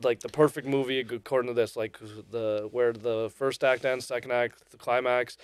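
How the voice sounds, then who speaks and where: A man's voice: mid-range voice, little pitch movement, moderate pace, smooth, dry recording. A man co-hosting a podcast in casual chat, teasing his friends, laughing often and swearing casually. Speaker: podcast co-host.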